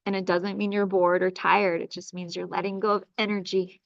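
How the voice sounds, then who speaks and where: A woman's voice: on the low side, level tone, fairly quick, vocal fry, no echo. A woman leading a guided healing meditation in a soothing, repetitive way, with commanding incantations. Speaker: energy healer leading a group session. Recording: dry, dull lo-fi sound.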